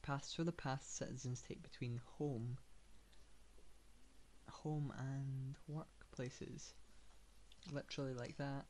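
A man's voice: medium pitch, steady tone, takes it slowly, pauses often, a little mellow, a little hiss or hum. A man giving casual gameplay commentary, thinking aloud with lots of fillers and dry, sarcastic asides. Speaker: gamer.

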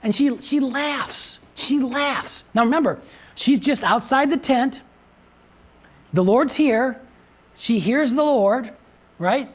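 Husky-voiced man preaching. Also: very high-pitched, slow, pauses often. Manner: conversational, repeats phrases, quizzes the congregation. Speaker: pastor. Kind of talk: sermon. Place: church.

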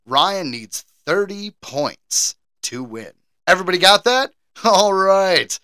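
An American man co-hosting a casual podcast, animated and quick to laugh as he runs a trivia game. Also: sits high, clear, resonant tone, no echo. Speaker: podcast co-host. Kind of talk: casual chat.

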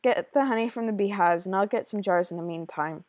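Brief: woman voicing a warm-hearted, secretive beekeeper, mid pitch, dry close sound. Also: fairly quick, no echo, close to an everyday voice. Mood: confiding. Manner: gentle, confiding storytelling.

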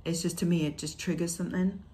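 A woman's voice: fairly low pitch, steady tone, fast talker, dark tone. Chatty woman unboxing beauty products. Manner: chatty, reads product labels aloud with fillers. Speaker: beauty vlogger. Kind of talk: casual unboxing chat.

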